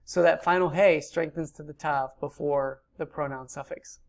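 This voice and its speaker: A woman's voice: low voice, steady tone, normal speed. A woman giving a recorded grammar lecture, explaining patiently with frequent ums. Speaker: Hebrew teacher.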